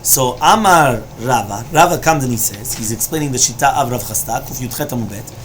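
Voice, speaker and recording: Here a man gives a Talmud lesson in a mid-range voice, talking fairly fast, with a little background noise present. Line by line he lays out the meaning, punctuating his study lecture with frequent checks like "right?" and "you understand?"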